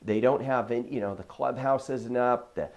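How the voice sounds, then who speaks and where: A man's voice: medium pitch, fairly even intonation, normal speed, darkish tone, dull audio. A man who works as a real estate agent, giving casual advice and telling stories from his deals in a conversational way, acting out the dialogue. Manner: conversational, acts out quoted dialogue, frequent fillers. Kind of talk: casual advice talk with anecdotes.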